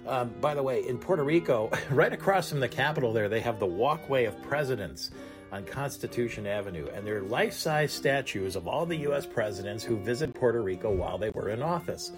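A man's voice: mid-range voice, expressive, brisk. A man hosting a radio show, telling travel stories in a chatty, casual way with string music playing behind him. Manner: chatty storytelling. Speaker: radio host. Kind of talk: casual talk radio monologue. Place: aboard a cruise ship.

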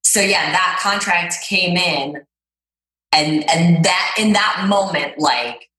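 A woman's voice: lowish voice, slow pace, pushed and bright, soft background music. A woman guest telling her story in a casual interview, chatty and full of filler words. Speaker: guest, fitness trainer. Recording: roomy echo.

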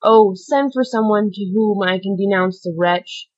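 A woman's voice: medium pitch, unhurried, a little mellow, highs cut off, natural voice. A woman reading aloud, voicing a wounded dying man who pleads frantically for help. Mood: pleading. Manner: frantic, gasping pleas.

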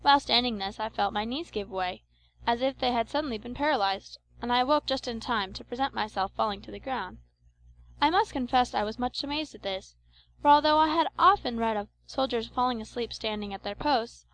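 A woman reads an old adventure novel aloud in a measured, expressive way. Her voice sits a touch high, and she keeps a steady storytelling rhythm. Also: poor audio. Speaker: audiobook narrator. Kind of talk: scripted audiobook narration of an adventure novel.

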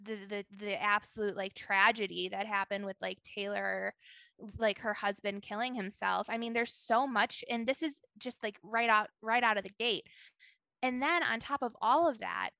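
A woman's voice: medium pitch, normal speed, vocal fry, pushed and bright, no room sound. A woman co-hosting a podcast in casual chat, rambling with many fillers. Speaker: podcast co-host.

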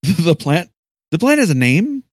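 A man at a tabletop role-playing session with a fairly high, lively voice. He jokes playfully, and the recording is dry and close. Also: measured pace, no room sound. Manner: playful, laughing often. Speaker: player.

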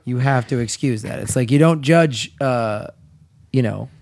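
A man's voice: mid-range voice, a little slow, darkish tone. A man with a Chicago accent co-hosting a podcast, joking around and laughing often in casual chat. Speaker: podcast co-host.

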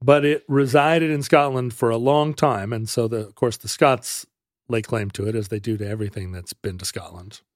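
A man co-hosting a podcast in casual chat, halting and searching for words at times, with a playful streak. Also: medium pitch, steady tone, no room sound, clean studio sound. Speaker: podcast co-host.

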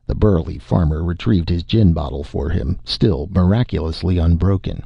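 A man narrating an audiobook in a steady, measured way. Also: sits low, creaky, breathy edge, dry recording. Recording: dull, dry recording.

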